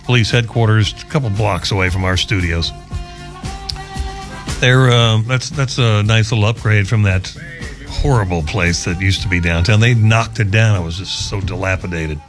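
A man's voice: on the low side, moderate pace, music in the background. A male local radio host, chatting casually with rambling asides.

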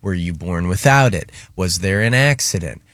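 A man's voice: deep voice, animated, moderate pace, fairly bright tone, no echo, clean studio sound. A man hosting a hit-music radio show, telling stories in casual banter with frequent restarts. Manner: chatty storyteller with restarts.

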